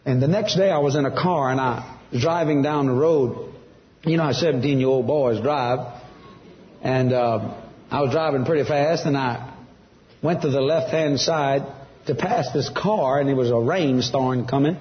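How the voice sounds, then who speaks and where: A man's voice: medium pitch, moderate pace, big-room sound, lo-fi sound. A man giving a testimony sermon, telling his story with animation and acting out the other voices. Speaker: preacher.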